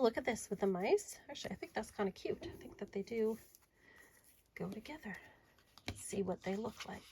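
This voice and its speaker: An adult woman showing off her tarot and oracle decks in a casual video, chatty and enthusiastic, sometimes dropping to a soft murmur. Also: medium pitch, noisy background. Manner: chatty and enthusiastic, drifting to soft murmurs while handling cards. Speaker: tarot reader and deck reviewer. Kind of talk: casual show-and-tell video.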